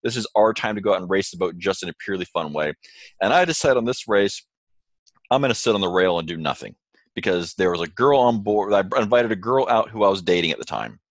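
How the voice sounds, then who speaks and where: A man telling a story in casual chat with animated delivery, acting out quotes. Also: fairly low pitch, fast talker, dry recording. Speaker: co-host, sailor.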